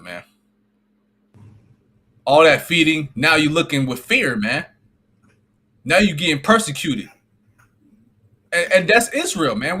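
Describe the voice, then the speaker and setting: Brief: male co-host with a bright, forceful voice, reads scripture and then riffs in slang. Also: mid-range voice, breathy edge. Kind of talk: casual religious discussion.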